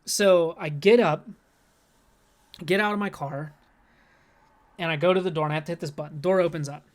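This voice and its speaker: A man's voice: a little high, moderate pace. A man co-hosting a podcast, telling an anxious story in a rambling, profane way and saying "like" constantly. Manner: rambling, profane, heavy use of "like"; anxious, worked-up retelling. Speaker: podcast co-host. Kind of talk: casual storytelling.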